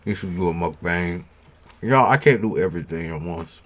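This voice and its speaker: Deep-voiced laid-back man snacking on stream. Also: moderate pace, a bit bright. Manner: slangy, laid-back, chats while eating snacks. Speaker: tarot reader streaming live. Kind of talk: casual livestream chat. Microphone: new studio mic.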